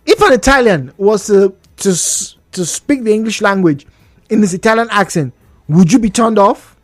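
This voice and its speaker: This Nigerian radio host runs a call-in show at a moderate pace, his high voice swooping up and down with lively expression. Chatty and fond of rhetorical questions, he breaks into laughter between points. His studio mic is dry and close, with no room sound at all.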